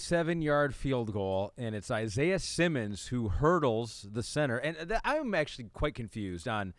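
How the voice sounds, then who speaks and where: A man with a mid-pitched, everyday voice co-hosts a football podcast in a casual, chatty way. He asks lots of questions and reads the sponsor lines, recorded close and dry in a studio. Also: big pitch swings, moderate pace, dry recording. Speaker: podcast co-host.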